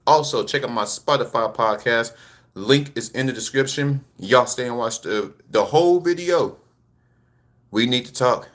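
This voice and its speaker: Man, vlog host, casual live commentary, laid-back, slightly out of breath, repeats himself, mid-pitched voice. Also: moderate pace, fairly bright tone. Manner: laid-back, repetitive, talks straight to viewers. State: a little out of breath. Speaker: channel host.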